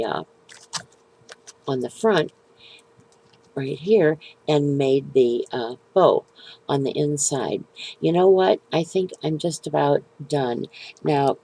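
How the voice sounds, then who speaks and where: A middle-aged woman casually showing a handmade card, talking hesitantly with many pauses and restarts. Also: deep voice, vocal fry, dark tone, husky, rough recording. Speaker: papercraft video maker. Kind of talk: casual show-and-tell crafting talk.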